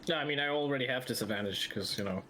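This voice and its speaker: A man's voice: mid-range voice, sharp tone. Joking man player with hiss behind. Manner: quick joking banter, swears freely. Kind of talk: casual game chat.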